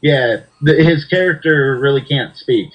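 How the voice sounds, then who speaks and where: A man with a mid-range voice co-hosts a casual podcast chat. He talks in a relaxed way and swears freely. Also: mid-range voice, measured pace, muffled recording. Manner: laid-back, profane.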